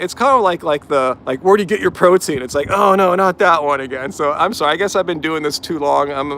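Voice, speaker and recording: A man's voice: a little high, vocal fry, sharp tone, slight background noise. A man hosting a live vegan Q&A after a run, talking at length and firmly rebutting commenters' questions. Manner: talkative, pointed, rebutting commenters. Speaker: vegan channel host answering live chat questions. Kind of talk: live-stream Q&A.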